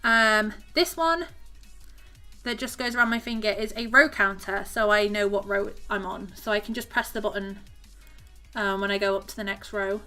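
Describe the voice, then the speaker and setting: A craft streamer from southern England chats casually with her audience while crocheting live, giggling often, reading chat aloud, and talking to her cat. Her medium-pitched voice is pushed and bright, at a moderate pace, with soft music in the background.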